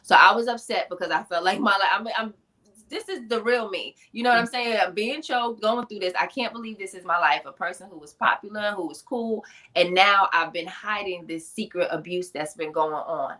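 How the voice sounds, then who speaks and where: A woman guest on a podcast, an author and speaker, telling her life story in an emphatic, animated, conversational way with slang asides. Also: mid-range voice, normal speed. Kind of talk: personal storytelling in a podcast interview.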